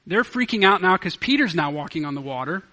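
A man preaching a sermon as pastor, swinging from loud declarations to hushed asides. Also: high-pitched, animated, fairly quick.

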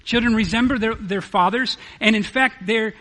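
A man with a high, light voice preaches an earnest sermon. He reads scripture aloud and keeps pressing rhetorical questions on his listeners. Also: normal speed, bright, forceful tone. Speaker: pastor. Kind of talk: expository sermon.

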